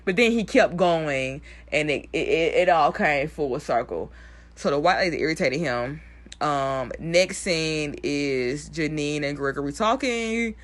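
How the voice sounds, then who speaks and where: A young woman giving a blunt, animated recap of a TV episode, swearing freely. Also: sits low, measured pace. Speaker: TV recap vlogger. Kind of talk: casual profane show recap.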